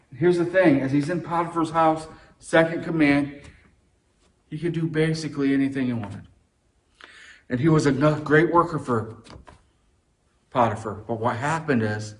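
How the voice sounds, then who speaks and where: A missionary teacher telling a Bible story to children in an animated, expressive way. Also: male voice, medium pitch.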